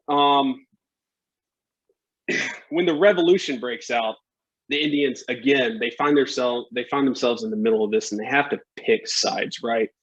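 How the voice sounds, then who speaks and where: A man telling history in a casual, chatty way, often checking in with "right?" and dropping in jokes. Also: medium pitch. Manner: conversational, lots of "right?" and "like". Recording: dull lo-fi podcast audio.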